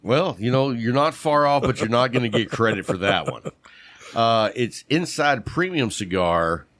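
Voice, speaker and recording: A man's voice: mid-range voice, lively intonation, moderate pace. A man co-hosting a casual podcast chat, quizzing his partner on terms and calling out right answers with playful exclamations. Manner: playful quizmaster, shouts "bam" on right answers.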